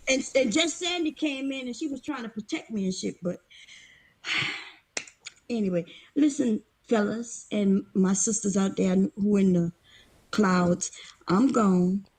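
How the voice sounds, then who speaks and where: A woman's voice: medium pitch, takes it slowly, pauses often, darkish tone, husky. A woman guest on a livestream, talking brashly and teasingly with lots of cursing, a bit out of breath. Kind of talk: casual livestream chat.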